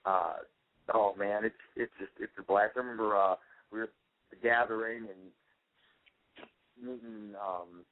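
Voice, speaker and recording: A young man with a lowish voice rambles through a casual interview, laughing often and leaning on fillers. He sounds thin and tinny, as if he is coming in over a phone line. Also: steady tone, measured pace, pauses often. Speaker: wrestler guest.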